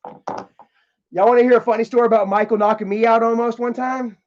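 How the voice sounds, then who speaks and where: A man's voice: extremely high pitch, steady tone, brisk, highs cut off. A man streaming live, telling rambling, profane stories to his chat and laughing along as he goes. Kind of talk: casual storytelling to chat.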